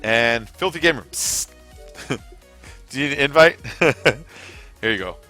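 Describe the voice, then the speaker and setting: A man's voice: medium pitch, animated, moderate pace, bright, forceful tone, faint music behind. A man streaming a racing game, rambling casually to his chat viewers with lots of fillers. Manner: rambling, chatty, many fillers, talks straight to chat viewers. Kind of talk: casual live-stream commentary while racing.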